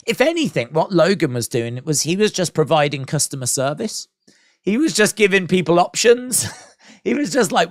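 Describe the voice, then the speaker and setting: A man's voice: on the high side, sing-song, normal speed, a bit bright, dry recording, studio quality. A man with a British accent hosting a wrestling live stream, chatting casually, joking and laughing while reading out viewer comments. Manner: chatty and laughing, jokes at length.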